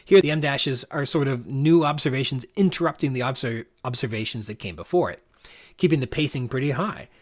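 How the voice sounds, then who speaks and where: A man hosting a podcast, talking through a novel's punctuation in a measured, reflective, analytical way. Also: medium pitch. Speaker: podcast host.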